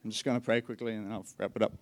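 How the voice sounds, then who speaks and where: A man's voice: on the low side, flat delivery, rapid-fire, dry recording. A pastor closing a sermon with prayer, fervent and repeating words as he goes.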